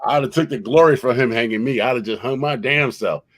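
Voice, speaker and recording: A man's voice: mid-range voice, a little fast, no room sound, low-quality recording. A man, hosting a stream and telling exaggerated comic stories with lots of laughter. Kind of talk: joking storytelling on a livestream.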